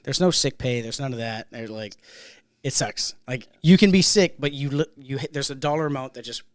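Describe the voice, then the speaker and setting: A man's voice: medium pitch, brisk, dry recording, studio quality. A man hosting a casual podcast chat, a bartender telling stories with lots of swearing and laughter. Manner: profane, laughing storyteller. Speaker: podcast host.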